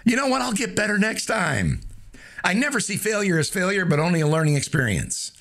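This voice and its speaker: A man's voice: sits high, sing-song, fairly quick, vocal fry, fairly bright tone. A man hosting a casual motivational talk, folksy and joking, with lots of fillers. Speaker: host of a motivational show. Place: streaming live.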